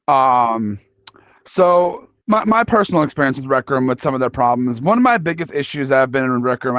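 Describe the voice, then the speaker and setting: Young male panel host, gravelly and a bit high, halting casual talk, dull lo-fi sound. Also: fairly bright tone, no room sound. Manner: halting, casual, many restarts. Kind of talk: live panel talk polling an audience. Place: convention panel room. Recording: dull lo-fi recording.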